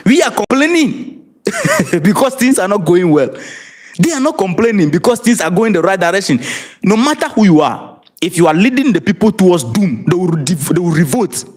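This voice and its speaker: Animated Ghanaian man on a livestream. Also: high-pitched, slightly rough. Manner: emphatic, rhetorical, asks viewers to comment; repeats and restarts words, laughs between points. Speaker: livestream commentator. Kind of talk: live-streamed political commentary.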